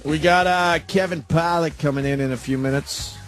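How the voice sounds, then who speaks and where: A man's voice: a little high, fairly even intonation, moderate pace, soft background music. A man hosting a radio show, chatting loosely with his studio crew. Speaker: radio host. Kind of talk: casual studio banter.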